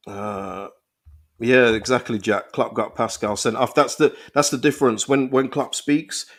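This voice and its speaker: A young man hosting a casual football live stream, reading viewers' comments and reacting with animated, restart-filled talk. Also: mid-range voice, a little slow. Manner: animated, thinks aloud with frequent restarts and repeated words. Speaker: football channel host reading live chat.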